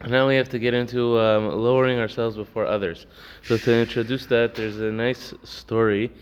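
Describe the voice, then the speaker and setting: Through a dull, lo-fi recording with faint noise comes a man's clean, mid-range voice, moving at a moderate pace with little pitch change. He's teaching a laid-back Torah class, storytelling with frequent fillers and performing the characters.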